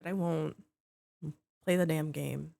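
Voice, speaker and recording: Bubbly woman streamer with vocal fry. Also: sits low, steady tone, measured pace, warm tone. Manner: bubbly, greets chat by name, swears casually. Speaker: game streamer. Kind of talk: casual chat with viewers.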